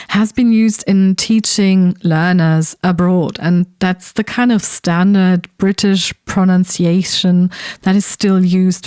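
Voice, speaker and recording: A woman's voice: fairly low pitch, dark tone, no echo, studio quality. German-born woman explaining on a podcast. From southern Germany. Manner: thoughtful, explanatory, with ums and repeated words. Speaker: podcast co-host. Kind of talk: casual conversational podcast talk.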